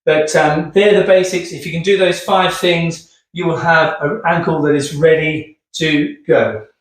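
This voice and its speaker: A man's voice: on the high side, steady tone, a little slow. A man demonstrating rehab exercises in an upbeat, chatty way, keeps asking okay, getting out of breath. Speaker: physio instructor. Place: room with hard floor. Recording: echoey room, distant mic.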